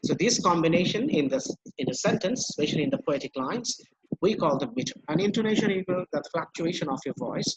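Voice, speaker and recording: A man's voice: on the high side, animated, fast talker, breathy edge, dull audio. A man with a Bangladeshi accent gives an online university lecture in English and Bengali. He repeats his points patiently and keeps asking the class questions.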